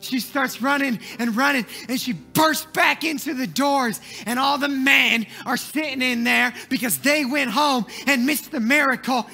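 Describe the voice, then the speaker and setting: High-voiced preacher guy, slow and dramatic, goes quiet then loud. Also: soft background music. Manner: dramatic storytelling, swinging from hushed to shouting. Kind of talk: sermon.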